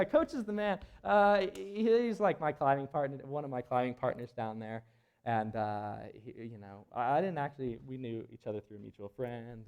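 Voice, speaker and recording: Speaking in a mellow mid-range voice, this young man recounts a climbing tale before a live audience in an auditorium as a presenter at a climbing event. He wanders, laughs a lot, and fills gaps with filler words.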